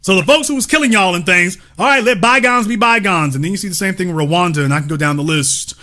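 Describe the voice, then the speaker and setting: A high-pitched man from the United States talks fast in a sharp tone, giving a fervent, sermon-like speech to an audience. He's a commentator in a cultural discussion who repeats phrases for effect and keeps asking rhetorical questions.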